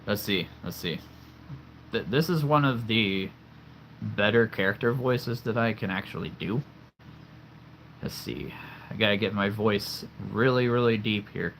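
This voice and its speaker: A man's voice: on the low side, unhurried, long pauses, a bit bright, a little hiss or hum. A man in his thirties chatting casually on a livestream from his home, rambling and laughing often at himself. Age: 30s. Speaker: streamer showing his figure collection. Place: home room with toy figures.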